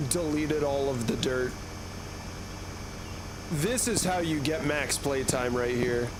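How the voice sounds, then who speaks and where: A man's voice: mid-range voice, background noise. A young man streaming a game, rambling and joking with casual swearing. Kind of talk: casual gaming commentary.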